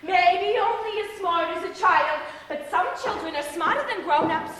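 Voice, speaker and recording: A stage actress playing a childlike, emotionally fragile adult daughter who speaks in an earnest, pleading way during a live play. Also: female voice, very high voice, moderate pace, fairly bright tone, slight background noise. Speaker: stage actor. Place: theater stage. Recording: reverberant theater from far off.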